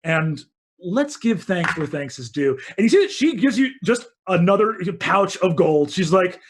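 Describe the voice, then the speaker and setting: A man running a tabletop fantasy game as dungeon master. He narrates slowly and expressively, with a voice a little higher than most men's. He brings scenes to life for the players. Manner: animated storyteller, voices characters.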